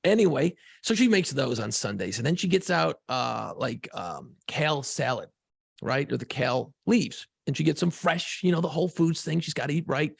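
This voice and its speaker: A man's voice: a little high, expressive, normal speed, no room sound, clean studio sound. A man co-hosting a casual podcast, swearing freely and rambling through a long story about home life. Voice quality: gravelly. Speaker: podcast co-host.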